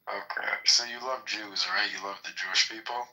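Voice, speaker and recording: A man's voice: lowish voice, steady tone, a little fast, bright, forceful tone, poor audio. A man on a casual livestream chat who keeps needling another guest with provocative questions.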